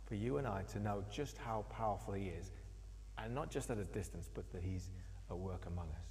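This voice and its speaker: A man's voice: lowish voice, brisk, a little mellow, slight background noise. A man preaching a sermon in a church, telling stories with animation and acting out the voices of the people in them. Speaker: pastor. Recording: long echo of a church hall.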